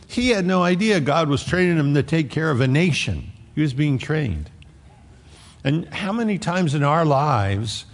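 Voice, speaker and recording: A man's voice: fairly high pitch, vocal fry. A man preaching a sermon in a conversational way, acting out the voices of the people he quotes. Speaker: pastor. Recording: long hall reverb.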